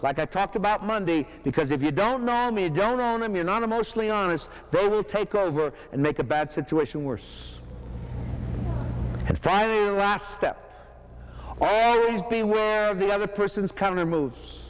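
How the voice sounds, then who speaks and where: A man's voice: sits high, moderate pace. A man preaching a parish mission sermon in a church, talking conversationally with repetitive, emphatic cadences. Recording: reverberant church hall, faint noise.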